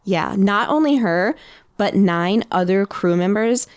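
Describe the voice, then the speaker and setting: A woman's voice: mid-range voice, a little slow, clear, resonant tone, no room sound. A woman co-hosting a podcast, casually retelling a story with many fillers. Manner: relaxed, filler-heavy retelling. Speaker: podcast co-host.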